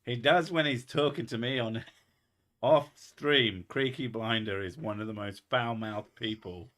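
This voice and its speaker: A man's voice: medium pitch, unhurried, fairly bright tone. A man with an English accent, a mix of posh and Essex, joking and swearing in casual stream chat. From England.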